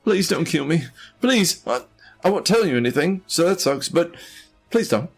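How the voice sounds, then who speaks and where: A man doing a jumpy, easily terrified young scribe in a tabletop game, his voice pushed well above its usual register. He stammers and pleads in a high-strung rush. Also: animated, slow pace, husky, faint music behind, full character voice. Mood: terrified, pleading.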